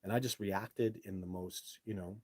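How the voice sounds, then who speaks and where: Male live-stream host, low husky voice, blunt and brash, casual delivery. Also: steady tone, normal speed, no echo. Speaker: live show host reading viewer comments. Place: home setup, speaking to a phone.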